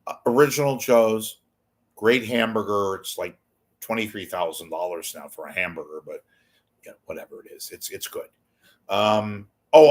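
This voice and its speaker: A man hosting his own show, rambling casually and profanely with wisecracks. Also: on the low side. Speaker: show host. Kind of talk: casual livestream monologue.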